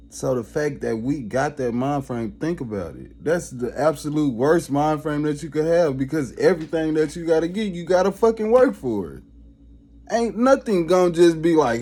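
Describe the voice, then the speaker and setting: A man's voice: medium pitch, dark tone, slight background noise. A man in a casual, skeptical rant, swearing often and talking with emphasis.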